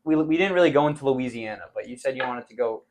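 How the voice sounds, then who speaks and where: A man's voice: mid-range voice, lively intonation, quick pace. A man hosting a casual podcast, prompting his guest to go on with his stories. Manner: prompting, steering the talk back to the stories. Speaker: podcast host. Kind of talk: casual interview.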